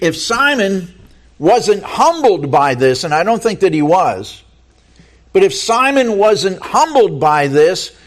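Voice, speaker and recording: With a fairly high-pitched voice, a man delivers a sermon, reading scripture aloud and earnestly posing rhetorical questions to listeners. He stumbles often and repeats words along the way.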